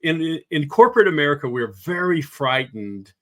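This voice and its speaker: A man's voice: a little high, sing-song, normal speed. Earnest older man, reflective talk. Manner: earnest, thoughtful, with gentle laughs. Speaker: podcast guest, executive coach.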